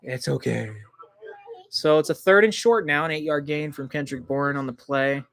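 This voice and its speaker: A man hosting a livestream football reaction, excitable and quick to get indignant at calls, loose and rambling with many ums. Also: on the high side, smooth, dry recording. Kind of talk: live football reaction commentary.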